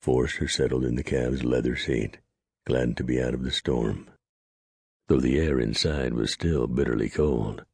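A man narrating an audiobook in a steady, measured storytelling voice. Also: very deep voice, gravelly, slightly rough, no room sound. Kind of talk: scripted narration.

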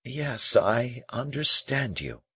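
A man voicing a gentle, melancholy young male prisoner in an audiobook, speaking earnestly and softly with a husky voice. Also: medium pitch, very animated, takes it slowly, no echo, voice pushed up, exaggerated voice. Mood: wistful. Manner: earnest, wistful and soft-spoken. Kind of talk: audiobook character reading.

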